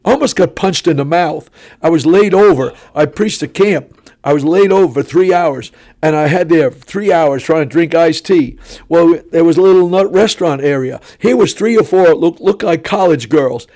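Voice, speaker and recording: A man in his seventies, a traveling preacher telling stories in a sarcastic, animated way that often climbs into shouting. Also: fairly high pitch, moderate pace. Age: 70s.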